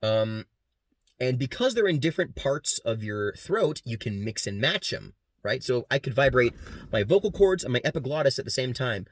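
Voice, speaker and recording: Man presenting to a class, casual and quick, lively pitch, dry close sound. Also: no echo. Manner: casual, quick, demonstrates sounds between sentences. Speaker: student presenter. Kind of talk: class presentation with beatboxing demos.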